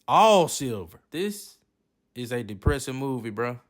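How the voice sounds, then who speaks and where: Give me a man hosting a movie review, joking and cursing with a very expressive voice. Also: medium pitch, measured pace. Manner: profane, joking, animated reactions. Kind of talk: casual movie review commentary.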